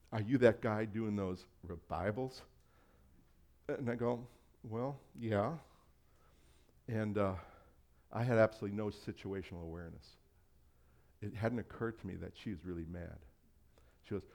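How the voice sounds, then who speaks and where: Joking, self-deprecating male pastor. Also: mid-range voice. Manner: humorous, self-deprecating storytelling; animated, swings between quiet asides and loud bursts. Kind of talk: sermon.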